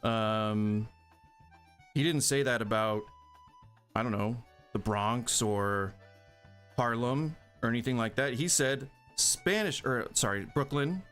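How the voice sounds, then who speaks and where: A man's voice: mid-range voice, slow pace, long pauses, a bit bright, faint music behind. A man hosting a podcast, giving sarcastic, critical commentary on comedy clips. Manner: sarcastic, critical, laughs and coughs. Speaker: podcast host.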